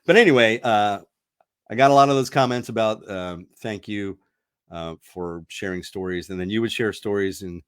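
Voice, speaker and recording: A man's voice: lowish voice, normal speed, a bit bright, clear, resonant tone. A middle-aged man hosting a casual podcast, chatty and rambling, laughing often and restarting his sentences. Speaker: radio host.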